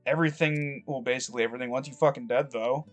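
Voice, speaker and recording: A man's voice: mid-range voice, fairly even intonation, quick pace, soft background music. Man in a mid-range voice, loose let's-play rambler who swears a lot and wanders off topic. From Michigan. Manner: rambling, profane, digressive. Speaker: gameplay commentator. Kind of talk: casual let's-play commentary. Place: rural home.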